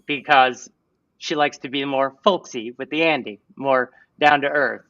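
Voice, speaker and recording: A man's voice: mid-range voice, measured pace, a bit bright, no room sound, distant mic, dull audio. A man hosting a casual livestream chat, playful and giggly, breaking into goofy little songs. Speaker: livestream host.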